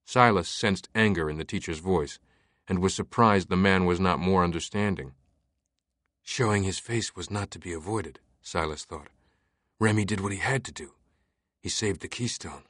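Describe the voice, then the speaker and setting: A man narrating a thriller audiobook in a measured, even way. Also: deep voice, no room sound, studio quality. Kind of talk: scripted narration.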